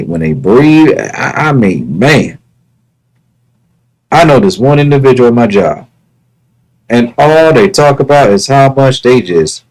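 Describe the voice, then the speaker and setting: Male streamer, casual and sincere, middle pitch, lots of restarts and repetition. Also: low-quality recording. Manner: earnest, repetitive, stammering restarts. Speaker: live streamer. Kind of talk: casual livestream talk.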